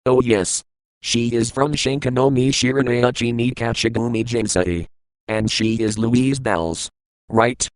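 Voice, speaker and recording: A man in a hotel room reading a children's picture book aloud, plain and halting, with small grammar slips. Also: mid-range voice, steady tone, no room sound, rough recording.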